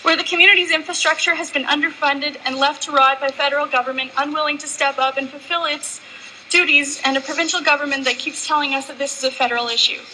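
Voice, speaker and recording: High, very bright woman legislator. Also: fairly even intonation, quick pace, a little hiss or hum, poor audio. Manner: earnest and impassioned. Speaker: provincial legislator. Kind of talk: formal legislative speech. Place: legislative chamber.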